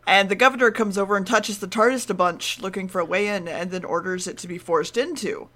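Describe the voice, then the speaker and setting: A woman's voice: medium pitch, fairly quick, a bit bright. A woman co-hosting a podcast, chatting casually as she recaps an episode, laughing and swearing now and then. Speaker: podcast co-host.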